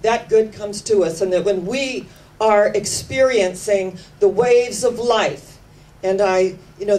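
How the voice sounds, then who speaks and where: A woman giving an inspirational sermon, telling stories with slow, emphatic phrasing that sometimes sinks to hushed tones. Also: mid-range voice. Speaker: spiritual speaker. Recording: distant mic with faint background noise.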